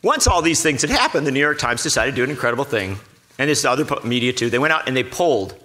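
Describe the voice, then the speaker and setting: Lively, bright-voiced man telling a sarcastic story. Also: medium pitch, fast. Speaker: panelist reporter. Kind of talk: conference panel talk. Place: conference panel room.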